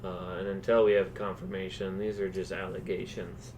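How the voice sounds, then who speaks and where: A man voicing a calm, cautious lord in a tabletop game, speaking in a measured, soothing way. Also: deep voice, a little hiss or hum, natural voice. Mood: placating. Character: calm, cautious male lord advising restraint.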